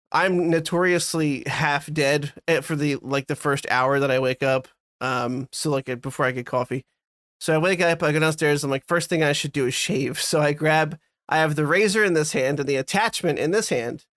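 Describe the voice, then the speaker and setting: A man's voice: a little high, normal speed, fairly bright tone, no room sound, studio quality. A man co-hosting a podcast, telling a rambling, self-deprecating story in casual chat with frequent restarts. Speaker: podcast co-host.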